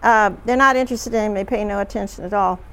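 A woman leading a group discussion, retelling stories in a chatty, halting way with frequent fillers. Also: mid-range voice, fairly bright tone. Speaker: discussion leader.

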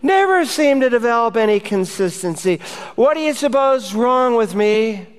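A man's voice: very high voice, animated, moderate pace, clean tone, voice pushed up. A man voicing a weak, whiny, half-starved churchgoer who complains about his feebleness. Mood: whining. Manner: plaintive and complaining.

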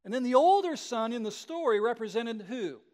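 A male pastor telling a story in a sermon, conversational and animated, often checking in with the listeners. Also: very high voice, moderate pace.

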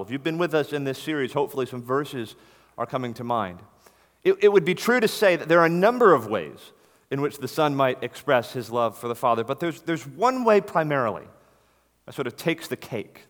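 A man's voice: mid-range voice, fairly bright tone. A man preaching a sermon in an earnest, emphatic way, stressing key words. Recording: long reverb of a large hall.

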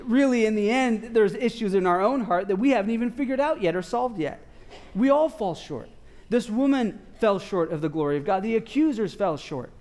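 A man in his thirties delivers a sermon in a relaxed, chatty way, often turning to the listeners with a quick "right?". His speaking voice sits notably high for a man, and he tells homely family anecdotes between the scripture passages. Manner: conversational, animated storytelling with asides to parents. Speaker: pastor.

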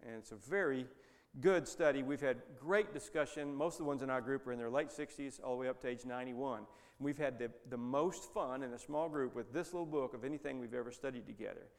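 A man delivers a sermon in an easygoing, folksy way and wanders through his story. His voice sits at an ordinary middle pitch. It rings with long reverb, as if it was recorded in a large church hall. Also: a little fast, vocal fry. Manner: folksy, rambling, with many restarts. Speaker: preacher.

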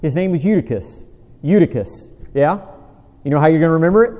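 In a large hall with long reverb, a man teaches a Bible study as a conversational sermon, his slightly high voice lively in intonation, a bit fast, and dark in tone. He's chatty, quizzes listeners with questions, and pokes fun at himself with dry humor.

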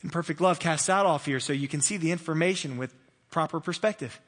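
High bright-voiced pastor in a reverberant hall. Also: male voice, brisk. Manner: conversational, laughing, acts out little voices. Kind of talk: sermon. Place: church.

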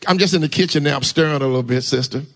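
A married man preaching a testimony sermon, telling a story and calling on the congregation to talk back, with sudden shouts. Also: on the high side, racing. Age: adult, married. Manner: call-and-response, urging the congregation to answer.

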